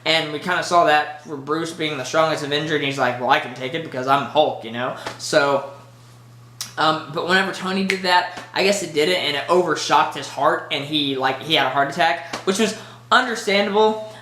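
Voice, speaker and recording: A movie reviewer giving a casual spoiler review, rambling and excitable with lots of filler words. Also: medium pitch, normal speed, echoey room, a little hiss or hum.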